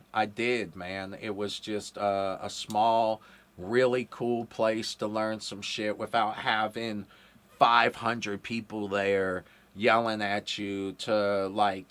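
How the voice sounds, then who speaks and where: A man's voice: on the low side, a bit bright. Rambling, profane man hosting a podcast. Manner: rambling, profane, lots of fillers. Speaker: podcast host. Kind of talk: casual profane interview chat.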